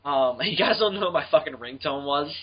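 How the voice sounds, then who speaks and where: A young man hosting a podcast, telling a story in a profane, animated way and acting out the voices of the people in it. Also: a little high, a little fast, slight background noise. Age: young adult. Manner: profane, animated, acts out voices in his stories. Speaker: podcast host. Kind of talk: casual storytelling chat. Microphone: home mic on a voice call. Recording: muffled lo-fi call audio.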